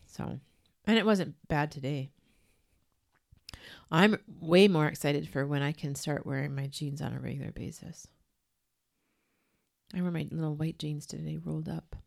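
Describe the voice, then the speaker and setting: A woman's voice: low-pitched, normal speed, vocal fry, long pauses, darkish tone. Chatty, enthusiastic woman podcast co-host. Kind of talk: casual chat.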